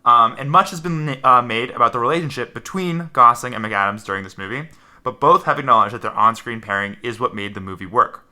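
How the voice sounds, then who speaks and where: A man's voice: mid-range voice, a little fast, bright, forceful tone. A man hosting a casual movie podcast, chatty, reading out trivia and laughing often. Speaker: podcast host.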